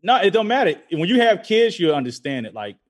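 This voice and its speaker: A man's voice: high voice, fairly quick. A man co-hosting a podcast, chatting casually and telling a story with lots of swearing, acting out the people he quotes. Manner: animated, profane, acts out quoted lines. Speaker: podcast co-host.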